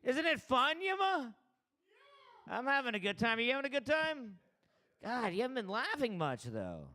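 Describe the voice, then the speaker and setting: A man's voice: very high voice, wildly swooping pitch, normal speed, bright, forceful tone. A man hosting a comedy open mic, joking loosely and chatting with the crowd between acts.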